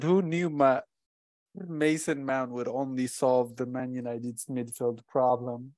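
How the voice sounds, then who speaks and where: A man on a casual football podcast, hesitant and dropping deadpan quips. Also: medium pitch, a little slow, dry recording. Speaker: podcast guest. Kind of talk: casual chat.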